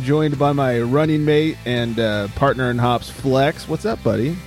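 A man's voice: medium pitch, unhurried, faint music behind. A man around forty with a mix of Boston and New York in his accent, hosting a casual podcast chat with upbeat, joking banter. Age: about 40. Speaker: podcast host.

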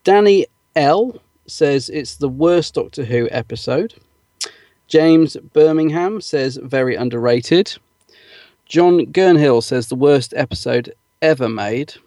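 A man's voice: a little high, lively intonation, slow pace, warm tone, dry recording, studio quality. A man co-hosting a podcast, casually reading out listener comments with lots of fillers and easy laughs. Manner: chatty, filler-heavy, laughs easily. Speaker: podcast co-host.

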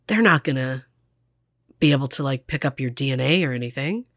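A woman's voice: extremely low pitch, expressive, brisk, no room sound. A woman co-hosting a casual true crime podcast, chatty, full of fillers and acted-out quotes, close to the mic. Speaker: podcast co-host.

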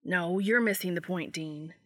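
A woman's voice: lowish voice, brisk, pushed and bright, no echo, studio quality. A woman voicing a laid-back younger brother who teases and sounds exasperated, in a fan audiobook reading. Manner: teasing, exasperated.

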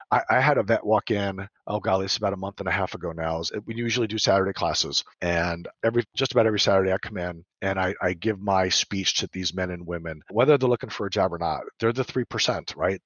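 An older man with a husky, slightly low voice talks earnestly about his work, pressing his points with emphasis and circling back through restarts. The sound is dry and a little dull, as on a lo-fi recording. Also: a bit bright, dry recording. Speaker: veterans nonprofit leader, guest. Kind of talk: conversational interview.

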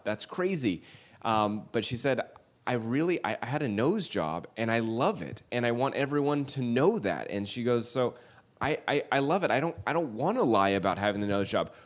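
A man co-hosting a casual celebrity news podcast, chatty and loose, swearing casually and jumping up in pitch when excited. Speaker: co-host.

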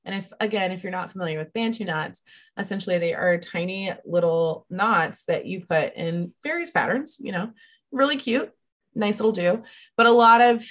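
A woman talking at length in a casual panel discussion, telling stories in an animated way. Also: lowish voice. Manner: talkative, animated storyteller, laughs often. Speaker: podcast panelist.

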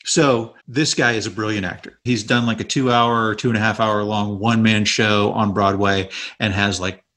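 A man co-hosting a casual movie podcast, telling behind-the-scenes stories with animated retellings and frequent laughter. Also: lowish voice, moderate pace. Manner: animated storyteller, laughs often. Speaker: podcast co-host.

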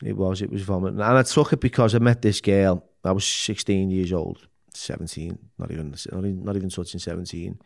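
A man's voice: low-pitched, fairly even intonation, a little fast, vocal fry, few pauses. A man with a Liverpool accent, a podcast guest telling his life story frankly and emotionally, with plenty of swearing and false starts. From Liverpool, England. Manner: frank and emotional, heavy swearing, many restarts. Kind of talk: candid personal storytelling.

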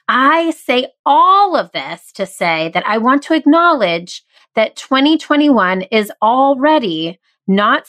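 Slow-talking earnest woman podcaster. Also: on the high side, a bit bright. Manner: candid, earnest, humorous and self-deprecating. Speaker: podcast host. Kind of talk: motivational podcast monologue.

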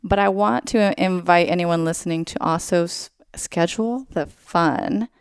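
Gravelly-voiced woman explaining with everyday examples. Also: lowish voice, a little slow, no room sound, clean studio sound. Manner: upbeat, explains with everyday examples, frequent "like" and "you know". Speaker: guest school psychologist. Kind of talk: casual interview talk.

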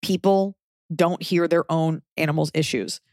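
A woman's voice: sits low, unhurried, no room sound. Woman podcast host, casual chat, frank and profane, dry close sound. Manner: frank, profane, animated storytelling.

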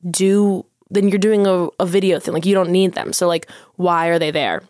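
A young woman from Philadelphia chats as a podcast guest, her voice sitting low. She tells animated stories packed with "like" fillers. The sound is close and dry, with no room around it. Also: moderate pace, no room sound. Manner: animated storyteller, many "like" fillers. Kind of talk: casual podcast chat.

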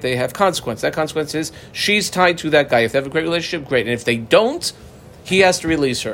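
A man teaching a Talmud class in a lively, conversational way, moving between English and Aramaic terms. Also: on the high side, slight background noise.

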